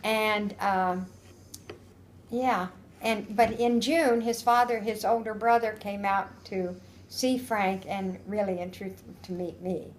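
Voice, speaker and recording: A woman's voice: mid-range voice, fairly even intonation, slow, slight background noise. Older woman, oral history interviewee, rambling storyteller, laughs often. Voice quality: laughs often while telling stories. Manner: chatty, rambling with restarts and quoted dialogue.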